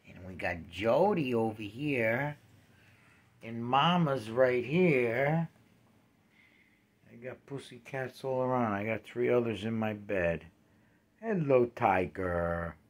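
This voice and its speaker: A man filming his pet at home, cooing doting sing-song baby talk with soft asides, recorded on a handheld phone. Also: fairly low pitch, slow pace, gravelly, breathy edge. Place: at home, near a bed.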